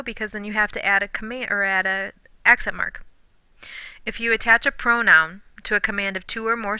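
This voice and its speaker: A Spanish teacher gives a recorded classroom lesson, explaining clearly and patiently and modeling pronunciations slowly. When counting syllables she drops to a whisper. Her mid-range voice is bright, and the recording is dry.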